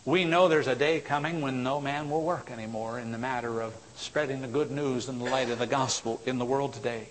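A man preaching a sermon, swinging from loud exhortation to low, intense tones. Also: steady tone, brisk, few pauses, a little hiss or hum. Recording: long hall reverb.

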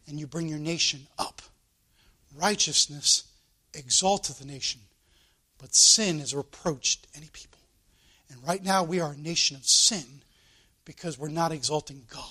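A pastor prays aloud before his congregation in a church sanctuary. His voice sits high for a man, and he keeps circling back with repeated appeals to the Lord. His delivery has the steady, pleading rhythm of a revival pulpit. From United States. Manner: repetitive, calling "Lord" and "dear God" between phrases. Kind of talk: fervent pulpit prayer.

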